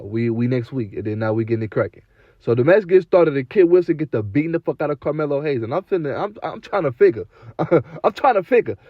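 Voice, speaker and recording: A man's voice: on the high side, no echo, highs cut off. A man recapping a wrestling show in a casual, profane, slang-heavy rant full of repeated fillers.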